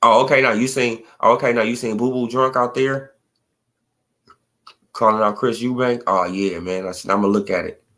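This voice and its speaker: A man with a mid-range, fairly bright voice speaks at normal speed in a steady tone while hosting a casual livestream about boxing. His talk is loose and slangy, loaded with swearing, filler words, and plenty of "bro" and "man."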